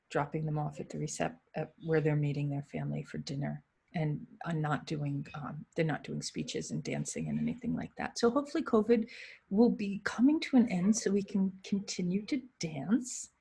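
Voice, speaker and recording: A young woman with a New England accent talks on her own in a casual, rambling, self-deprecating way. Her voice sits a little low, with a husky, gravelly edge to it. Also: lively intonation, normal speed, warm tone. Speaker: wedding photographer hosting a Q and A. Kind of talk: casual solo livestream talk.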